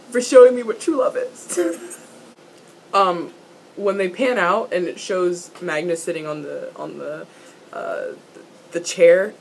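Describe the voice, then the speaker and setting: A young woman doing a casual, excitable fan recap of a TV episode, laughing, swearing and repeating herself as she rambles. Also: on the low side, breathy edge. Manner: excitable, swearing, giggly, trailing off and repeating words. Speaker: vlogger reviewing a TV episode.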